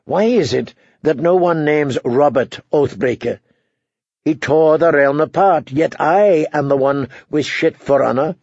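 A man voicing a proud, bitter, maimed male knight who talks in a sardonic, mocking way with a gravelly voice. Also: a little high, measured pace, a little mellow, no room sound. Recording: dull dry lo-fi recording.

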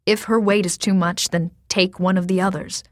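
A woman voicing a stubborn, steady farmer father who speaks slowly, firmly and with resolve. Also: mid-range voice, no room sound, close to an everyday voice. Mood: grave. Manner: slow, firm and resolute.

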